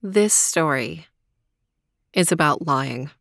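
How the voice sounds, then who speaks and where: A woman storyteller reading a storybook aloud in a calm, measured manner, then reflecting on it. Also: deep voice, creaky.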